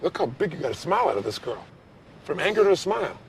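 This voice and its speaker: Fast, intense man coaching on stage. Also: a little high, very animated, vocal fry, a little hiss or hum. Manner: intense, direct, coaxing questions. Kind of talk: live coaching session.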